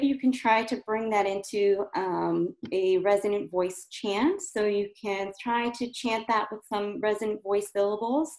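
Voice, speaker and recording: A woman voice therapist talks listeners through resonant voice exercises in a calm, patient way. She stops often to demonstrate soft hums and chanted syllables. Her mid-pitched voice carries a noticeable room echo. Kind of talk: instructional voice exercise lesson. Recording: roomy echo.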